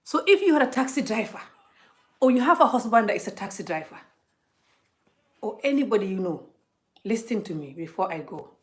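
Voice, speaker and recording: A woman's voice: medium pitch, brisk, long pauses. A woman on a live stream, chatting casually and telling a long story to her viewers. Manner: chatty, talks a lot; animated retelling, often addresses viewers.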